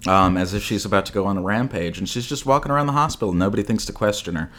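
Man with a very low voice, casual movie chat, sarcastic, animated retelling. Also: very fast. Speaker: podcast co-host.

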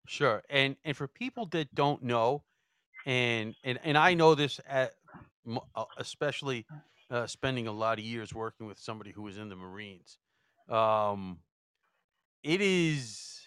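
A male interviewer speaking in an unhurried, measured way in conversation. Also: mid-range voice, lively intonation, fairly bright tone, clear, resonant tone, dry recording, clean studio sound.

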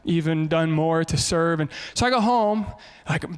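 Brief: pastor in his thirties, high voice, lively humorous preaching. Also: a little slow, few pauses, smooth. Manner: animated, humorous storytelling. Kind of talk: sermon.

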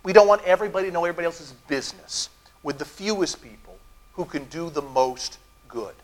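Middle-aged guy pastor giving a sermon, high voice, really animated, chats with the crowd. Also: fairly quick. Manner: lively storytelling with audience asides. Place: church sanctuary.

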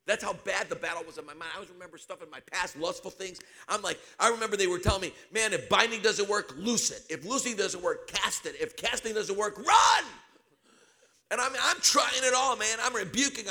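A middle-aged man preaching a sermon, telling a personal story with animated delivery and sudden shouts. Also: high voice, vocal fry.

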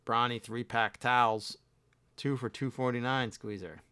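A man's voice: medium pitch, fairly even intonation, measured pace, pushed and bright, clear, resonant tone. A man co-hosting a casual podcast, reading old newspaper ads aloud and joking about them. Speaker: podcast co-host. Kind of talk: casual chat.

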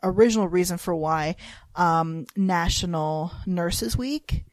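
A woman talks loosely and chattily as a podcast co-host, her voice sitting a little low for a woman. She wanders through her thoughts with plenty of "um"s, "like"s and bursts of laughter. The sound is dry and close, with no room around it. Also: takes it slowly, dry recording. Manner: rambling, lots of fillers and laughs. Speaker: hospital chaplain resident. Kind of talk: casual chat.

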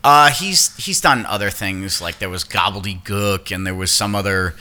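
A man's voice: deep voice, moderate pace, pushed and bright. A man hosting a casual podcast chat, rambling, swearing now and then and explaining at length. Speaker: podcast host.

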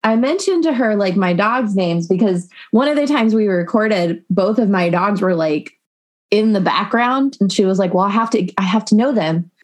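A woman's voice: medium pitch, lively intonation, moderate pace. A young adult woman guest on a podcast, chatting and telling stories with frequent laughs. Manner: chatty storyteller, laughs often. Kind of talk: casual chat.

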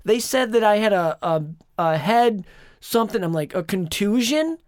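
A man co-hosting a podcast, telling a long dream in a rambling, animated way with lots of fillers. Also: high voice, normal speed, clear, resonant tone, no echo, clean studio sound. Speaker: podcast co-host. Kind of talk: casual chat, retelling a dream.

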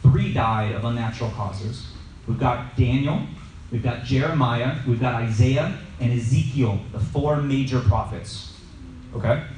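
A man's voice: mid-range voice, a little slow, a little hiss or hum. A man casually teaching a Bible study to a group, telling stories and asking the listeners questions. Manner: lively, storytelling, asks the audience questions. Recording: echoey room, mic at a distance.

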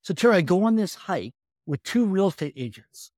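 Man in his fifties, podcast guest, quick and lively storytelling, slightly high voice, dry sound. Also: no echo. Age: 50s. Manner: energetic, animated storytelling. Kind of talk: storytelling in conversation.

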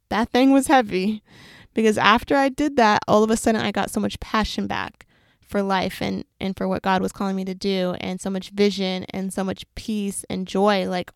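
A woman's voice: mid-range voice, fairly even intonation, gravelly, smooth, no echo. A young adult woman telling a personal faith story in an earnest, reflective way, close to the mic. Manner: earnest and reflective, with quick runs of words. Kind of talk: personal faith testimony, casual.

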